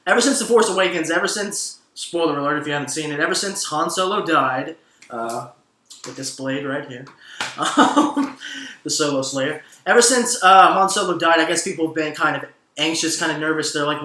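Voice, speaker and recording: A man hosting an entertainment news show, chatting excitedly with frequent laughter and swearing, addressing his audience directly. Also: on the high side, brisk, echoey room, slight background noise. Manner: excitable, laughing, profane, addresses "ladies and gentlemen". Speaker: host. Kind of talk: casual entertainment news commentary.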